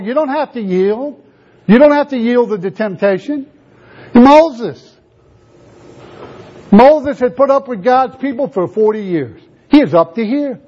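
High-voiced preacher man, dull lo-fi sound. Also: darkish tone. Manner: emphatic, rhetorical questions to the congregation. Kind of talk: sermon. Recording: dull lo-fi recording.

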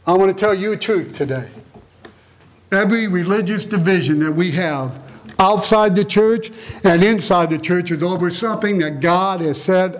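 A middle-aged man preaching a sermon, emphatic and fond of repeated rhetorical questions. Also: high-pitched.

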